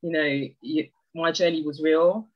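Emotional woman giving halting thanks. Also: sits low, fairly even intonation, highs cut off. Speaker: friend and neighbour giving a tribute. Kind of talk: heartfelt thank-you speech on a video call. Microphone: video call.

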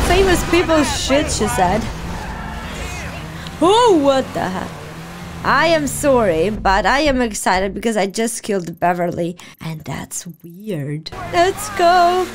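Slow-talking high-voiced woman gamer. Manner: excitable, cheering on and scolding her character. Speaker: gaming channel host. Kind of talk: casual let's-play commentary.

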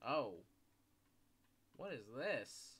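A man's voice: mid-range voice, sing-song, drawn-out words, fairly bright tone, breathy edge. A young man commentating his gameplay, swearing a lot and breaking into panicky outbursts between mutters. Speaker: gaming YouTuber.

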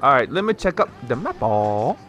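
A man's voice: medium pitch, big pitch swings, normal speed, noisy background. A young man giving casual gameplay commentary, ranting and sarcastic, with frequent swearing.

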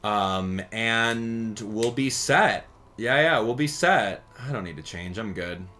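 Gaming host, male, low voice that swings up and down a lot, chatty play-by-play. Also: slow pace, a little hiss or hum. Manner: chatty, excitable, thinks aloud. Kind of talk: casual gameplay commentary.

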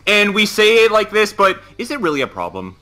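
A man with a high, very bright voice that swings widely in pitch tosses out blunt jokes in a casual podcast chat, with faint music behind. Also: wildly swooping pitch, fairly quick. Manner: blunt, joking remarks. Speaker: podcast co-host.

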